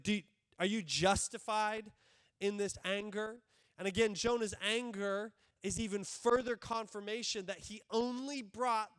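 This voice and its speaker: A male pastor preaching a sermon to his congregation, animated and acting out the characters in the story. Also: high-pitched, smooth, no echo, clean studio sound. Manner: animated, acts out biblical characters' voices. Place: church sanctuary.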